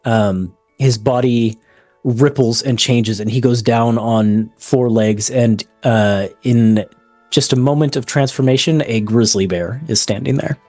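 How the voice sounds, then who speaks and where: A man's voice: medium pitch, measured pace, darkish tone, no room sound, soft background music. A man narrating as game master of a tabletop game, describing scenes with many ums and likes.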